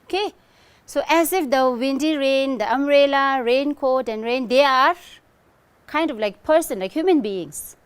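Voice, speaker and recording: This middle-aged woman's voice is high and her pace measured as she teaches English in a recorded online lesson. She breaks the material into steps, frequently asking "okay?" or "right?" to check in.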